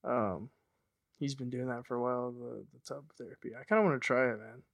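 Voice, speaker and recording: A man's voice: medium pitch, fairly even intonation, a little fast, creaky, no room sound, clean studio sound. A young man co-hosting a podcast, laid-back and agreeable in casual chat. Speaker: podcast co-host.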